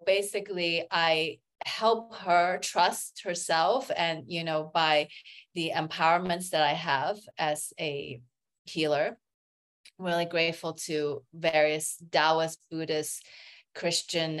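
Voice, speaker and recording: A woman working as an acupuncturist and healer, telling stories as a guest in a casual interview, with many "you know" fillers. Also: on the low side.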